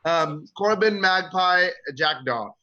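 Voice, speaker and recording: Bright-voiced man running the game. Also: sits high, lively intonation, highs cut off. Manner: halting, many fillers and restarts. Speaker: game master. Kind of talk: narrating a tabletop game.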